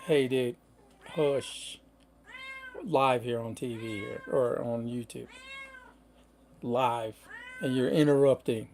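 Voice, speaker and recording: A man's voice: mid-range voice, fairly even intonation, unhurried, a little mellow, slight background noise. A middle-aged man hosting a casual livestream, rambling in a laid-back way with lots of fillers. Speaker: van-life livestream host.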